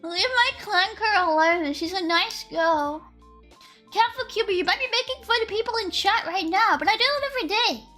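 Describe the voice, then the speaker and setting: A woman's voice: extremely high pitch, animated, moderate pace, sharp tone. A woman streamer chatting casually with her audience on a live stream. She giggles often, is sarcastic and swears freely. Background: faint lo-fi music.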